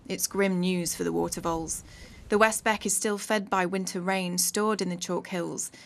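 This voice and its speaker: A woman narrating a news report in a measured way. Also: on the low side, steady tone, vocal fry. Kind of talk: scripted report voice-over.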